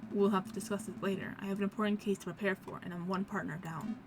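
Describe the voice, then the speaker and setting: A woman's voice: medium pitch, fairly even intonation, fast, over music, voice pushed down, close to an everyday voice. A woman voicing an anxious male bird lawyer who is easily flustered, reading a game aloud. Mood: relieved. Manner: worried, self-doubting.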